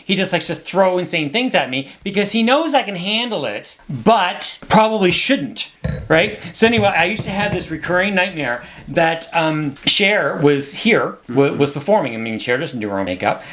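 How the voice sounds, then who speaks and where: A man's voice: high-pitched, lively intonation, normal speed, fairly bright tone. A man co-hosting a podcast, telling rambling stories in casual chat. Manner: chatty storyteller, rambling. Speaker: podcast co-host.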